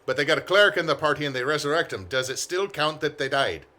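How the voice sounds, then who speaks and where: A man's voice: fairly high pitch, quick pace, pushed and bright, a little hiss or hum. A man playing a tabletop game, probing with questions in joking banter.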